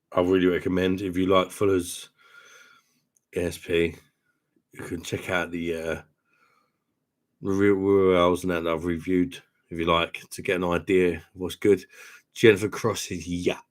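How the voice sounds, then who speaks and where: A man's voice: deep voice, fairly even intonation, a little slow, long pauses. A tipsy man, chatting casually and rambling through a beer live stream at home, matey and swearing freely. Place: home room with sound panels.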